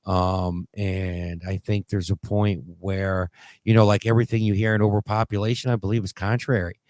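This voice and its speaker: A man's voice: on the low side, little pitch movement, darkish tone, dry recording. Rambling man hosting a talk show. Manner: rambling, halting, many fillers and restarts. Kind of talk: casual call-in show commentary.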